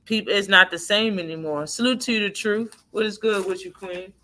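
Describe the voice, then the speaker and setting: Woman on her live boxing stream, crisp bright voice, cussing and cracking up, talking to chat. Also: medium pitch, normal speed. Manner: loose, profane, laughs often, talks back to chat.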